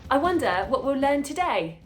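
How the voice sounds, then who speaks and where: A woman's voice: high voice, very animated, normal speed. Brief: cheerful woman host introducing the next segment, music underneath. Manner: upbeat, exclaiming. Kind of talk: enthusiastic children's show linking.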